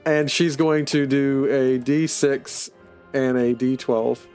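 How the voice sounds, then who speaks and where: A man's voice: medium pitch, steady tone, slow pace, darkish tone, clear, resonant tone, soft background music. A man running a tabletop game as game master, rambling with lots of "like" and restarts.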